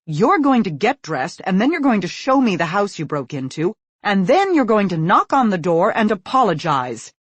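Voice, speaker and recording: Furious, sarcastic mother, read by a male narrator, husky edge, dry close sound. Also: sits high, very animated, normal speed, hardly any pauses, dry recording, pitched above the performer's own voice, full character voice. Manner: sharp, demanding, sarcastic. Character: furious suburban mother interrogating her teenage son.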